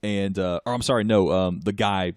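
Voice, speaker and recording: A man's voice: low voice, normal speed, clear, resonant tone, no echo, studio quality. A man co-hosting a casual podcast, telling rambling stories with many fillers. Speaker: podcast co-host. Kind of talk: casual chat.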